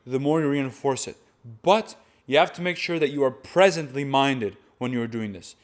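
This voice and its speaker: Male voice teacher, middle-pitched voice, instructive, steady explanations. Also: normal speed. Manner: instructive, demonstrates sounds between explanations. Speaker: voice and chant teacher. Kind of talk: vocal technique lesson.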